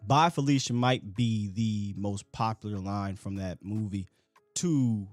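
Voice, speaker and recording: A man's voice: on the low side, unhurried, a little mellow, no room sound, faint music behind. A man hosting a call-in sports talk show, chatting casually in slangy, joking talk.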